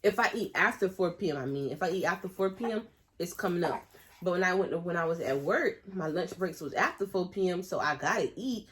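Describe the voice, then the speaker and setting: A woman's voice: fairly low pitch, animated, brisk. A young woman, chatting casually and teasingly with her sister on a vlog. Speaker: vlogger's sister. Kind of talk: casual storytime chat.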